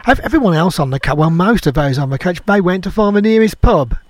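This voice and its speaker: A man in his sixties talks on air with a fairly high voice, recorded dry and close in a studio. He rambles through old memories with a self-mocking, chatty manner. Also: animated, fast, dry recording. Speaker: radio co-host. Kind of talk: chatty music radio talk.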